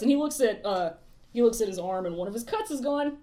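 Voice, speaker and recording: A woman's voice: on the high side, expressive, a little fast, warm tone. A woman co-hosting a casual chat, rambling and profane, often laughing as she recaps a show. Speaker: podcast co-host.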